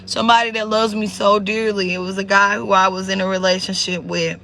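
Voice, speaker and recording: High, gravelly man live-streaming. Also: level tone, fairly quick, hardly any pauses, bright, forceful tone, a little hiss or hum. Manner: emotional, repeats words, greets viewers by name. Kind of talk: casual live-stream talk to viewers.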